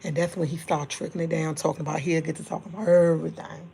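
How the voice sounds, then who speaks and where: A woman's voice: deep voice, level tone, quick pace, gravelly, slight background noise. A middle-aged woman, chatting casually and rambling with livestream viewers and laughing often. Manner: speaking softly at times to keep quiet. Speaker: livestream host.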